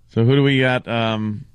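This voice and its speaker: A man's voice: medium pitch, smooth, dry recording. A man co-hosting a comedy radio show, riffing on bits and laughing as he goes.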